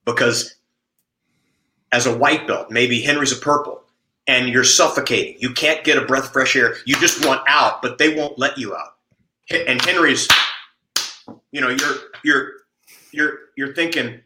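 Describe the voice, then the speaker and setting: A man's voice: medium pitch, moderate pace, pushed and bright, echoey room, a little hiss or hum, rough recording. A man and jiu-jitsu coach telling stories in casual chat, blunt and profane, with frequent stammered restarts. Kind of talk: storytelling in casual podcast chat.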